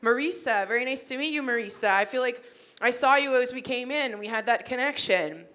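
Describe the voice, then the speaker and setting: A woman comic from Toronto works a wedding reception crowd on a handheld mic, chatty and teasing. Her voice sits a bit high and rings bright and forceful. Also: brisk. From Toronto, Canada. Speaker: stand-up comedian. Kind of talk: stand-up comedy set.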